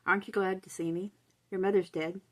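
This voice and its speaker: A woman reading aloud, voicing a spiteful young woman who taunts in a smooth, mocking tone. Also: medium pitch, flat delivery, a little fast, pitched above the performer's own voice, lightly acted, poor audio.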